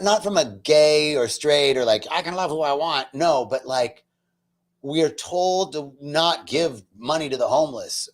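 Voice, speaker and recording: Man sharing an emotional spiritual story. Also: medium pitch. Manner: emotional, slows down for emphasis, drops to a near whisper. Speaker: speaker at a retreat center. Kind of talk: personal spiritual testimony.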